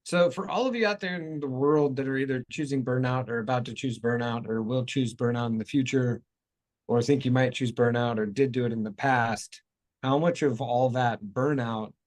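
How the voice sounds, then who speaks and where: A man's voice: medium pitch, steady tone, moderate pace, darkish tone. A man hosting a talk show, explaining ideas in a rambling, self-correcting way. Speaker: show host. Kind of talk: casual talk show chat.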